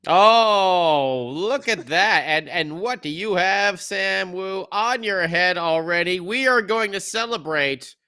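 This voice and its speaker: A man co-hosting a casual hockey recap podcast, talking in an animated, jokey way. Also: high voice, slow, few pauses, clear, resonant tone. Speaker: podcast co-host.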